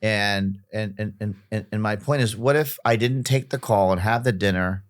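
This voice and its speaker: A man's voice: lowish voice, moderate pace, no room sound, clean studio sound. A middle-aged man, a podcast guest, talking casually and emphatically, often repeating himself and restarting sentences.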